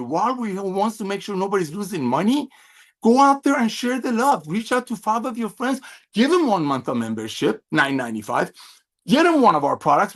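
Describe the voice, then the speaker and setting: A middle-aged man giving a fervent, preachy sales training talk over a video call, firing off rhetorical questions and gushing praise. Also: sits high. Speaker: network marketing trainer.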